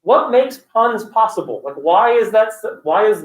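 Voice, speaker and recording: A man teaching a class in a casual, animated way, mixing stories into the lecture. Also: sits high, normal speed. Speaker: instructor. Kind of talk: lecture with storytelling. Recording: roomy room, far from the mic.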